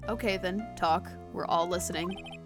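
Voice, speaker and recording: A woman voicing a cool, brooding male prosecutor, speaking low and stern. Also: music in the background, lightly acted. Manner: low, slow, gravely stern. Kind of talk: game dialogue read aloud on a stream.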